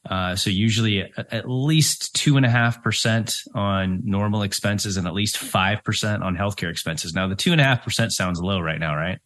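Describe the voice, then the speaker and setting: A man's voice: on the low side, moderate pace, few pauses, fairly bright tone. A middle-aged man, a financial planner co-hosting a radio show, who explains things step by step and checks in with "right?". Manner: explains step by step, with many ums and "right?" asides.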